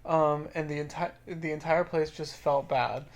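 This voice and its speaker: A woman's voice: sits low, steady tone, a little slow. A woman, co-hosting a podcast, chatting casually and reading spooky stories aloud, swearing now and then. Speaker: podcast co-host.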